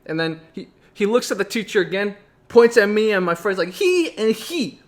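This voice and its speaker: A young man with a fairly high-pitched voice talks through a childhood memory for his vlog. He rambles, doubles back and restarts sentences, keeping it personal and reflective. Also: brisk. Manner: rambling, with frequent restarts and asides. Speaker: vlogger.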